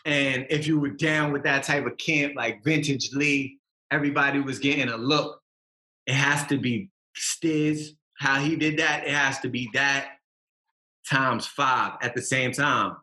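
A man's voice: mid-range voice, fairly even intonation, measured pace, bright, forceful tone, echoey room. A man, a rapper talking as a podcast guest, passionate and emphatic with street slang. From Massachusetts. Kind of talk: casual podcast interview.

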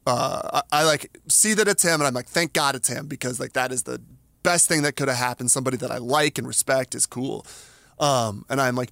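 A man co-hosting a podcast, telling a story in an emphatic, animated way and acting out the voices of the people in it. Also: medium pitch, gravelly, no room sound. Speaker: podcast co-host. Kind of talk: casual chat, storytelling.

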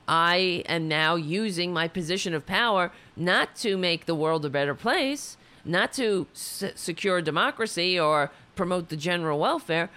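A show host delivers a furious political rant, swearing freely and tripping over half-finished sentences. The voice is worn hoarse from all the shouting, and the host keeps getting excited again anyway. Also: mid-range voice. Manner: angry, profane, excitable, stumbling restarts. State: hoarse, losing the voice.

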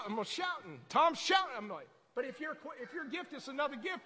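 A woman preaching a sermon in a conversational way, breaking into sudden shouted bursts. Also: fairly high pitch, lively intonation, brisk. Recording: echoey hall.

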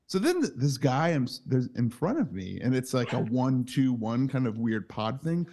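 A man in his thirties telling a story in casual chat, swearing freely, laughing, acting out quotes with big jumps in pitch. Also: big pitch swings, normal speed, mellow, a little hiss or hum. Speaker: podcast co-host.

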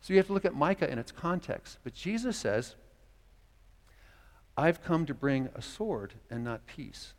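A man's voice: fairly high pitch, a little slow. A man pastor preaching a sermon, telling stories and acting out the voices of the people in them. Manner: storytelling, animated, acts out quoted voices. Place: church sanctuary. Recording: long hall reverb.

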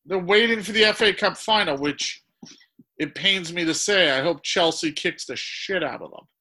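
A man with a fairly high, bright, forceful voice trades blunt, wry football opinions on a casual podcast. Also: expressive, normal speed. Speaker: podcast co-host. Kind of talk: casual sports chat.

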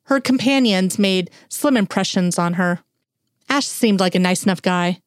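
A woman's voice: medium pitch, normal speed, no echo, clean studio sound. Woman narrating a wry audiobook.

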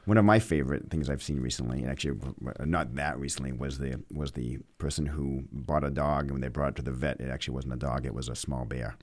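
A man's voice: a bass voice, quick pace, hardly any pauses, a little mellow. A man co-hosting a casual chat, teasing and playful. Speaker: podcast co-host.

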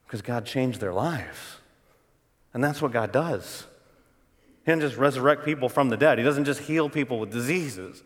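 A middle-aged male pastor preaching a sermon, telling the story dramatically and shifting between loud bursts and hushed, quiet passages. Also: mid-range voice. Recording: long hall reverb.

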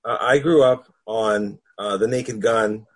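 A man talking frankly about films in a casual podcast conversation, measured and quick to laugh. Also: lowish voice, slightly rough. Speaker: panel guest.

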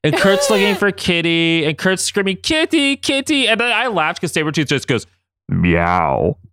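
A man's voice: high voice, a little fast, bright, forceful tone, no echo, studio quality. A man co-hosting a podcast, casually recapping a cartoon episode, laughing and acting out the characters' lines. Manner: swearing, hesitant restarts. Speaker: podcast co-host.

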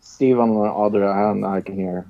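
A man's voice: lowish voice, fairly even intonation, normal speed, vocal fry, dark tone. A man from Norway with a Norwegian accent, co-hosting a podcast in casual chat, blunt, laughing often and swearing. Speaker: podcast co-host. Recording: dull lo-fi sound.

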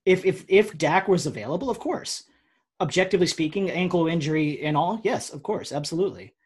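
Male podcast co-host, opinionated, husky voice. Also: on the high side, lively intonation, fairly quick, darkish tone. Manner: opinionated, emphatic. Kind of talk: casual sports podcast chat.

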